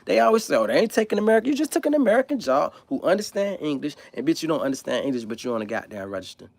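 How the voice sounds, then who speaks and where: A man who grew up in South Florida, hosting a livestream and talking in a blunt, profane, animated way. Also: on the high side, rapid-fire, gravelly, dry recording. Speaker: livestream host. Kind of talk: casual opinionated monologue.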